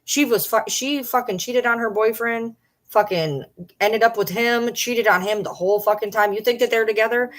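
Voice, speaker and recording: A spiteful woman who claims to be an old schoolmate dishes dirt in a catty, conspiratorial tone, swearing constantly, as a woman puts her on. The voice rides a little higher than the speaker's usual talk and pushes harder. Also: moderate pace, lightly acted. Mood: gossiping. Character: spiteful gossiping woman, fake former classmate.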